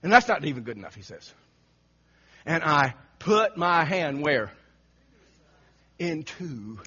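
A man preaching an animated sermon, telling the story dramatically and acting out the quotes with frequent laughter. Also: on the high side, takes it slowly, husky. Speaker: pastor. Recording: muffled lo-fi recording.

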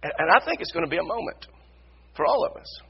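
A man preaching a sermon as pastor, repeating his phrases and building to loud emphasis. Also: high-pitched, very animated, fast talker, slightly rough, highs cut off. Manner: repetitive, builds to shouted emphasis. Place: church sanctuary.

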